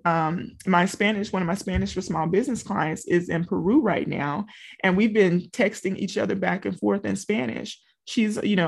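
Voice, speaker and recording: A woman's voice: fairly low pitch, creaky, breathy edge. A middle-aged woman from small-town Louisiana, a business coach talking casually and directly to her listeners with many asides. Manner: chatty, talks straight to listeners with frequent asides. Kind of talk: casual motivational talk.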